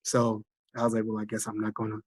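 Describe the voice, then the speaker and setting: Husky man in his thirties from Trinidad, worn out by illness, animated storyteller, dry close sound. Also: lowish voice, fast, no room sound. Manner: animated storyteller, acts out quoted voices. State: fatigued, recovering from illness. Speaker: guest, firefighter recovering from illness. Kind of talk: casual interview over a call.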